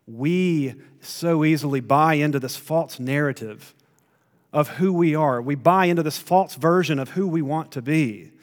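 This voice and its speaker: A man preaching a sermon, retelling a story with emphatic rises and quiet drops. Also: fairly high pitch, measured pace, in a large hall. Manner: storytelling, rising to emphatic then dropping to quiet.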